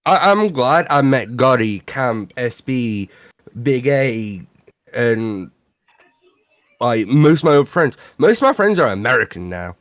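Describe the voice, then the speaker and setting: A man's voice: mid-range voice, big pitch swings, takes it slowly, dry recording. A young British man co-hosting a podcast in casual chat, blunt and teasing, swearing freely. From Britain. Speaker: podcast co-host.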